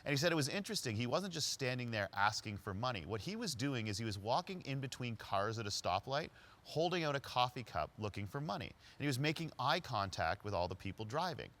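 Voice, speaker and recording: A man speaking about leadership, telling a personal story in a lively way and acting out the other voices. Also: medium pitch, a little fast. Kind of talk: storytelling talk.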